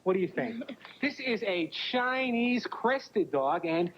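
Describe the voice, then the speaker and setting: A man's voice: sits high, very animated, takes it slowly, slight background noise. A man presenting animals to children on a TV show in a friendly, easygoing way. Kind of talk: presenting to kids. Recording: dull 1980s TV sound.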